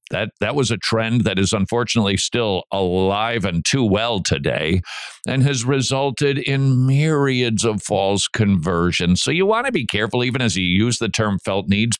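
Animated middle-aged male radio host. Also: fairly low pitch, normal speed, no room sound, studio quality. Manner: animated preaching delivery with asides and restarts. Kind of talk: Christian radio talk.

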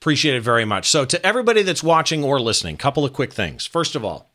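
A man's voice: mid-range voice, big pitch swings, fast, sharp tone. A man hosting an interview, upbeat and direct, asking questions and speaking to the listeners. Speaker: interview host.

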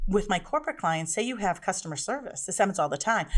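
A woman in her forties, a guest speaker in an interview, telling stories and acting out quoted dialogue with lively voices. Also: medium pitch, quick pace, hardly any pauses. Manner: animated, acts out quoted dialogue in changed voices. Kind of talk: conversational interview storytelling.

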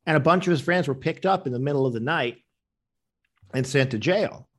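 A man's voice: fairly high pitch, a little fast. A man answering interview questions with rambling anecdotes, acting out the people he quotes. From Canada. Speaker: interview guest, comedian.

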